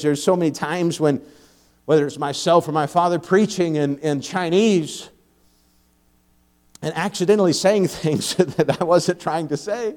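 Young male preacher, slightly high voice, anecdotal, laughs often, swells to emphatic climaxes. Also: unhurried. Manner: storytelling, laughs often, builds to loud emphatic peaks. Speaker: pastor. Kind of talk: sermon.

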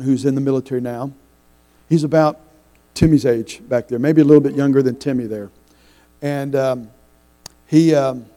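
A middle-aged man preaching a sermon, telling folksy stories with halting restarts. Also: mid-range voice, mellow, poor audio. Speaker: pastor.

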